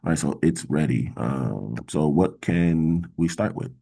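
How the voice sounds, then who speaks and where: Male workshop host, very low and gravelly, husky tone, talks through his screen in a halting, exasperated way. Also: warm tone. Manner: thinks aloud, halting with fillers, mildly exasperated. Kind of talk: casual screen-share coding walkthrough.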